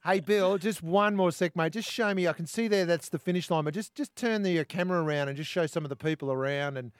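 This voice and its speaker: A man's voice: high voice, fast, clean tone, no room sound. A man co-hosts breakfast radio with a slightly raised voice and a matey, joking way of talking. His voice sounds dry and close to the studio mic. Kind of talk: live radio interview.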